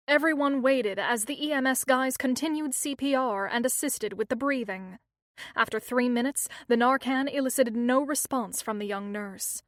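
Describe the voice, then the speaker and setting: A woman narrating a thriller audiobook in a steady, measured reading. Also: a little high, no echo, studio quality. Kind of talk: scripted narration.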